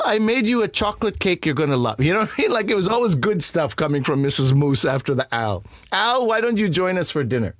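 A man of Pakistani family tells stories in a relaxed, conversational way, with his voice set close and dry. His tone stays mid-range and easy. He brings the people in his stories to life as he speaks. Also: medium pitch, no room sound. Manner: animated, acts out other people's voices. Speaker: guest. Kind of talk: conversational storytelling.

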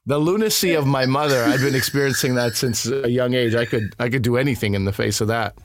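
A man chatting as a guest, telling lively stories about his family and his name. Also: mid-range voice, quick pace, background noise. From Pakistani family. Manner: animated, acts out other people's voices. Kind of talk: conversational storytelling.

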